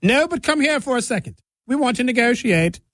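A man voicing a haughty ancient Mayan man, with a high, plummy, mocking tone like British royalty. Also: animated, brisk, a bit bright, dry recording, studio quality.

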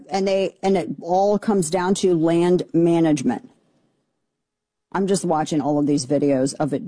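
A woman hosting a political commentary show delivers an opinionated monologue, sounding indignant and exasperated and often restarting her sentences. Her voice is low-pitched and mellow, and the recording is dry.

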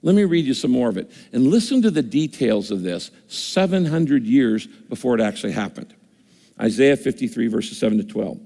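A man's voice: medium pitch, animated, a little fast, vocal fry, mellow. Older male pastor preaching in a hall. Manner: conversational preaching, acts out listeners' objections. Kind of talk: sermon. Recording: long reverb of a large hall.

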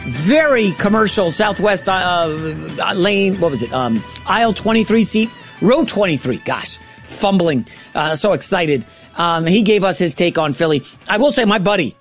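A middle-aged man filling in as a sports radio host, talking in an excitable, rambling way with quick self-corrections, in a radio studio. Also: high voice, faint music behind.

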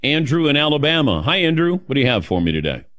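A man's voice: on the high side, sing-song, quick pace, fairly bright tone, no echo, clean studio sound. A man hosting a call-in sports radio show, rambling and emotional as he tells a story. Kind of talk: casual call-in talk.

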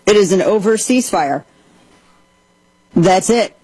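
Husky-voiced lady host ranting sarcastically about politics, dry close sound, lots of restarts. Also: medium pitch, animated, a little slow, dark tone, no room sound, low-quality recording. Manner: sarcastic and rambling, with frequent restarts. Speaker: political talk show host. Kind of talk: opinionated political commentary.

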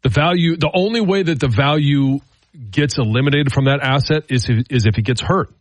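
A man's voice: fairly high pitch, brisk, no echo. A man co-hosting a sports radio show, explaining his points thoughtfully and repeating words as he works through them. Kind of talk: casual sports talk.

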